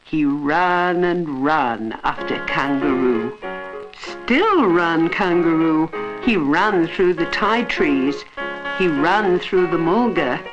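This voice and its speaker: A woman narrating an animated storybook film in a rhythmic, sing-song way. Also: low-pitched, takes it slowly. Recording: dull old film soundtrack with music.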